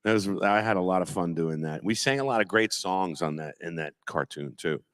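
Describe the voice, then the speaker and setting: Animated man telling stories on a panel. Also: deep voice, brisk. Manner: animated storyteller, slips into impressions. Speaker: voice actor guest. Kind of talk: live convention panel Q&A. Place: convention auditorium stage.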